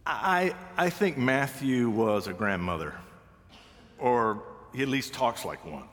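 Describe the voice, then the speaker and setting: Delivering a sermon in a big hall with long reverb, a man speaks slowly yet animatedly in a medium-pitched, slightly bright voice. He tells stories with dry wit, acting out the voices of the people he quotes.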